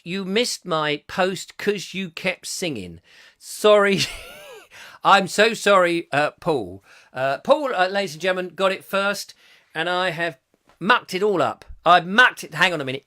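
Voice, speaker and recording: Bright, lively man hosting. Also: high voice, unhurried. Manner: playful, rambling, bursts into silly voices. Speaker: host. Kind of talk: live-stream chat reading viewer comments.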